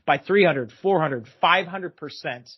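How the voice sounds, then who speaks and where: A man's voice: fairly high pitch, a little slow, husky. Emphatic man, guest expert, lo-fi sound. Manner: emphatic, repeats key phrases for effect. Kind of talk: explanatory podcast interview answers. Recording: dull lo-fi sound.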